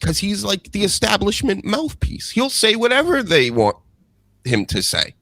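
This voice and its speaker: A man co-hosting a podcast, chatting casually in an animated, rambling way and laughing easily. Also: high-pitched, normal speed, gravelly, no room sound. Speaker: podcast co-host. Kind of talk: casual chat.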